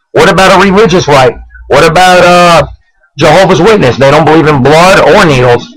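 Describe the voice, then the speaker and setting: A man's voice: on the high side, a bit bright, low-quality recording. A man from New Jersey hosting his own web show, delivering an urgent, pleading political rant and begging viewers to act. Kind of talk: impassioned political vlog rant.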